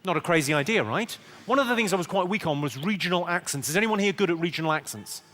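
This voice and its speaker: A man doing stand-up comedy in a venue, delivering dry, quick one-liners and mock-polite apologies while working the crowd. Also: sits high, animated, big-room sound, a little hiss or hum. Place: comedy venue before a laughing audience. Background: loud crowd laughter.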